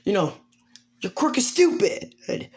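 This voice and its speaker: A woman voicing a drunk, dramatic teen girl who speaks in shrill, whiny outbursts. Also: animated, unhurried, a little mellow, natural voice. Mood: indignant.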